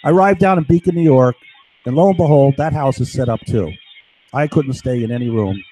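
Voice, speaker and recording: A man's voice: medium pitch, fairly quick, dark tone, poor audio. A man telling a long, agitated story on a live stream, swearing often and tagging his sentences with "right?". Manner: agitated, profane, keeps asking "right?". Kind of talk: rambling monologue.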